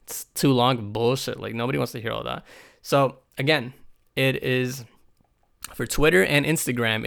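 A hoarse young man with a raspy voice, hosting his podcast in a rambling, unscripted way with lots of fillers and swearing. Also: medium pitch, steady tone, normal speed, a bit bright. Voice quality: raspy, gravelly. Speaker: podcast host. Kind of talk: casual unscripted podcast monologue.

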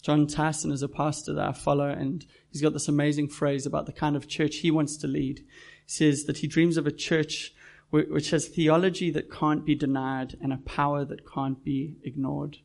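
A man's voice: fairly high pitch, little pitch movement, moderate pace, gravelly, darkish tone. A pastor preaching a sermon to his church, earnest and direct, putting questions to the congregation.

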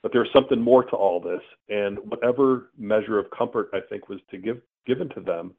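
A middle-aged man comes through a thin, phone-line sound as a guest recounting his own story. He talks earnestly and with animation, and his voice sits on the low side. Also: fairly quick, slight background noise. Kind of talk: telling a personal story in conversation.

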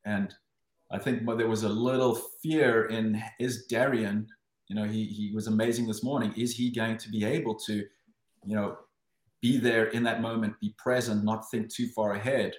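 A man from South Africa, a former Olympic swimmer, telling a story as an interview guest in an animated way, often restarting his sentences. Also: on the low side, moderate pace, echoey room. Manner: animated, with frequent restarts and acted-out inner voices.

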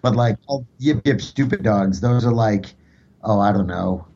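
A man hosting a casual podcast with a husky edge to his voice. He banters in a laid-back, joking way. The recording sounds dull and slightly muffled. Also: lowish voice, unhurried, dark tone. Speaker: podcast host. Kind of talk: casual chat.

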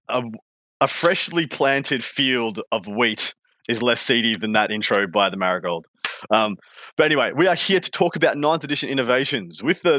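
An Australian man hosts a gaming podcast in loose, rambling chat full of laughs and restarts. His voice sits at a middling pitch. The sound is dry and close, with no room around it. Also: a bit bright, dry recording. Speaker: podcast host. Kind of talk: casual chat.

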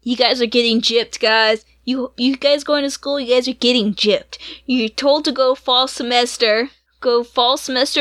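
A woman in her thirties co-hosts a podcast, telling anecdotes in a relaxed, chatty way. Her voice sits a bit high, and she laughs easily. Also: moderate pace, few pauses. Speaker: podcast co-host. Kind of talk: casual chat.

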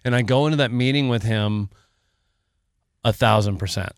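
A man's voice: mid-range voice, normal speed, smooth, dry recording, clean studio sound. A man co-hosting a podcast, telling a long story in casual chat, emotional and rambling, with frequent laughs. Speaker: podcast co-host.

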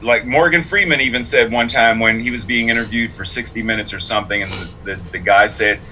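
Man, clergy and teacher, very bright forceful tone, earnest, reflective, faint noise behind. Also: on the low side, fairly quick, rough recording. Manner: earnest, reflective, emphatic storyteller. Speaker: clergy member and public school teacher. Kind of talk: casual conversational interview.

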